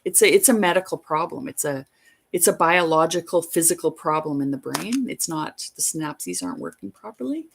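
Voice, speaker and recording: A woman with a low, gravelly voice tells a long story on her livestream. She rambles and doubles back, and she leans hard on the details she is certain of. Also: big pitch swings, brisk. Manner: rambling, emphatic retelling. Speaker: livestream host.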